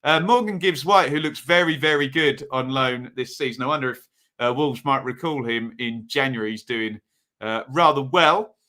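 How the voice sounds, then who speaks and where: Bright-voiced man hosting a watch-along. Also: medium pitch, normal speed. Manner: chatty, frequent ums and uhs, reads team sheets. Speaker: football watch-along host. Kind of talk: casual live commentary to chat.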